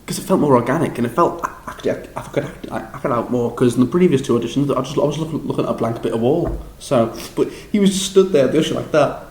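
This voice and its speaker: A young man with a Scouse accent talks through his audition in a loose, rambling vlog, tripping over his words and laughing at himself. His voice sits at an ordinary middle pitch, and the room around him rings with noticeable echo. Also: fast, few pauses, a little hiss or hum. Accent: Liverpool. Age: young adult. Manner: rambling, excitable, self-deprecating, frequent restarts and laughs. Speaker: drama school applicant. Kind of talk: casual vlog recap.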